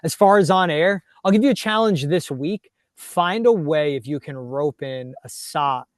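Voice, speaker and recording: A man, a TV sports reporter, chatting as a podcast guest and giving energetic, coaching-style career advice. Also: on the high side, measured pace, dry recording, clean studio sound. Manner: energetic, coaching tone, acts out quotes. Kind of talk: casual interview chat.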